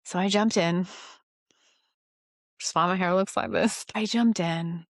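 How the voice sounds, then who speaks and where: A woman giving a rambling, earnest faith testimony, self-deprecating and quick to laugh at herself. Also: on the low side, fairly even intonation, no echo, studio quality. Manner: halting restarts when emotional. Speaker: Christian devotional vlogger.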